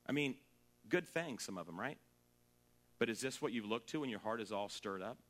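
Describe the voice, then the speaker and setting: A man's voice: fairly low pitch, lively intonation, normal speed. A man preaching a sermon, joking and singing snatches of a song, then turning earnest. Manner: humorous, jokes and sings off-key snippets; shifts between loud and quiet, earnest. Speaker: pastor.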